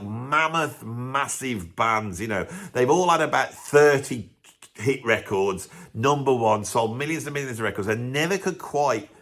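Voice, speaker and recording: Chatty man hosting a video. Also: medium pitch. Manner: chatty and animated, often laughing, with rambling asides. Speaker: video host reviewing films. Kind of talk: casual to-camera commentary.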